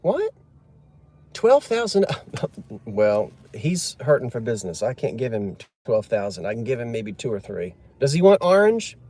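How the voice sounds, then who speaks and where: A man's voice: medium pitch, big pitch swings, a little fast, hardly any pauses, darkish tone. A man chatting casually on a live stream, joking and answering viewer comments. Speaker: livestream host.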